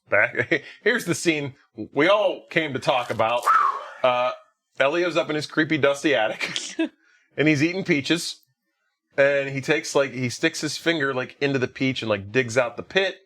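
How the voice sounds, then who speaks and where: Male podcast host, mid-pitched, chatty film recapper, loose and amused. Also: measured pace, fairly bright tone. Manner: retells scenes with lots of "like" and laughter. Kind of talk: casual movie recap chat.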